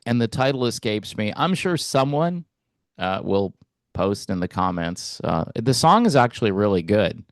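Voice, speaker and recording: A man hosting a music commentary channel, talking in a relaxed, hesitant way with wry asides. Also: fairly low pitch, moderate pace, no echo, clean studio sound. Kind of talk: casual reaction commentary.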